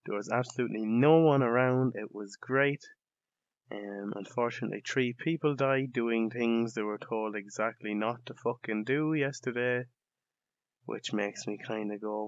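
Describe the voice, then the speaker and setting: A young Irish man rambling through a sweary, sardonic comedic monologue as a podcast host. His mid-pitched voice sits close and dry on a dull, lo-fi recording. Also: fairly even intonation, normal speed, no room sound. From Ireland.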